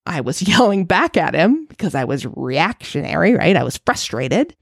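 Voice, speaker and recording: A woman with a low voice and a gravelly edge hosts her podcast, recorded dry and close with no room sound. She talks through a personal story in a candid, reflective way. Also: big pitch swings, normal speed, few pauses, dry recording. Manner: candid, reflective, self-searching. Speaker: podcast host.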